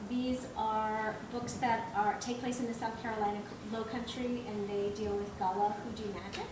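A woman author introducing her books at a live panel, bubbly and full of fillers. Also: mid-range voice. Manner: bubbly, many fillers, giggly asides. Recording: echoey room, far from mic, noisy.

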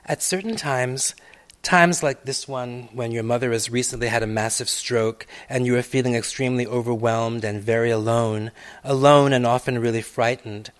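A man's voice: medium pitch, steady tone. Man reading a reflective literary essay. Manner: measured, reflective, long winding sentences with many asides; swells loud on key phrases, then drops to near-hushed tones. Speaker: author reading his own personal essay.

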